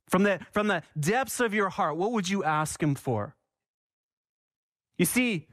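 Guy preaching a sermon, fairly high voice, keeps repeating lines, asks the crowd stuff. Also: fairly bright tone, dry recording, clean studio sound. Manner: passionate, repeats for emphasis, asks the congregation questions. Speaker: pastor.

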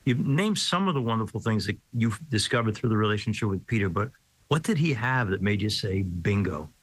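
A man's voice: on the low side, expressive, a little fast, breathy edge, no room sound, poor audio. An older man who hosts the show and performs weddings as a clergyman, asking long, winding questions and affirming his guest. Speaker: host, clergyman. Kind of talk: interview conversation.

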